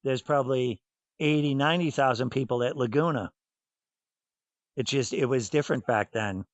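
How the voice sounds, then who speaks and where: A man's voice: medium pitch, moderate pace, no echo, dull audio. A man in his fifties with a Boston accent, a former racer telling stories bluntly in a casual interview. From New England, south of Boston. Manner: blunt, storytelling, acts out voices in anecdotes. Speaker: former racer and team owner.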